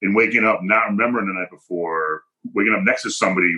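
Man, podcast guest, personal story, emphatic and punchy, slightly low voice, forceful tone. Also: quick pace, rough recording. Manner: emphatic, punchy, acts out quoted dialogue.

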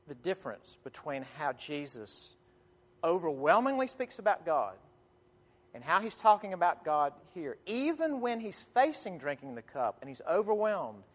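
Pastor guy preaching, earnest and emphatic, stops and restarts a lot, church reverb trailing off. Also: sits high. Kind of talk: sermon. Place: church sanctuary. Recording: long hall reverb.

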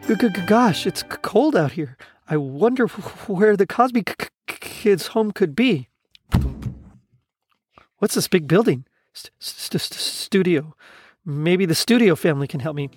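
A man voicing an eccentric, excitable male Muppet who talks earnestly and stammers when cold. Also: on the high side, moderate pace, husky. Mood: shivering.

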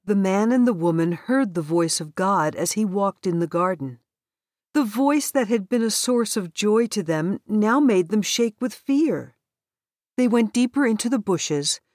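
A woman reads a children's Bible story aloud at a slow, calm pace. Her reading is gently expressive with an ordinary middle pitch. The sound is close and dry, with no room. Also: no echo. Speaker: storybook reader.

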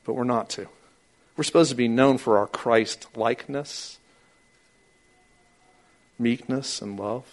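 A man preaching a sermon as pastor, talking animatedly and acting out quoted voices with sudden high outbursts. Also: slow pace, pauses often.

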